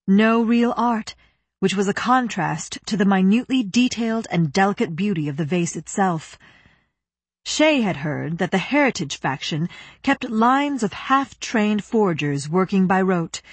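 A woman narrating an audiobook in an even, steady storytelling voice on a close studio mic. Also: medium pitch, slightly rough, no echo.

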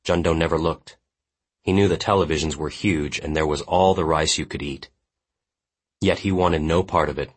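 A man reading literary fiction aloud as an audiobook narrator, in a measured, grave way. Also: rumbling low, fairly even intonation, slightly rough.

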